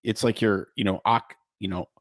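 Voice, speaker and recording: A man with a low voice co-hosts a casual podcast, explaining medical terms with playful jokes. He speaks as a doctor chatting with his co-host. The recording is dry and close. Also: fairly even intonation, moderate pace, dry recording.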